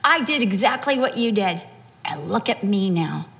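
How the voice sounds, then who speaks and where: A middle-aged woman preaching a sermon, telling a personal story with animated, acted-out quotes. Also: mid-range voice, moderate pace, vocal fry.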